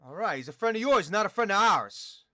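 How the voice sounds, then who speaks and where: A man's voice: high-pitched, expressive, fairly quick, pushed and bright, no room sound. A man doing a profane gangster rat boss. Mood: grudging. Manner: swaggering, profane, threatening. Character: tough streetwise male rat gang boss.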